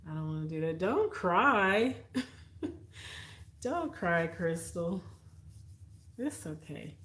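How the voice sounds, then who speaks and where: A woman's voice: fairly low pitch, big pitch swings, slow pace, fairly bright tone, reverberant. A woman hosting a casual livestream, chatty and heartfelt, talking straight to her viewers. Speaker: livestream host. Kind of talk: casual live-stream chat with viewers.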